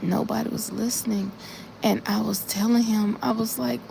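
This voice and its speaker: A woman's voice: medium pitch, moderate pace, creaky, background noise. A woman on a casual live stream, earnestly retelling a dream in a repetitive way and speaking straight to her viewers. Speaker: livestreamer.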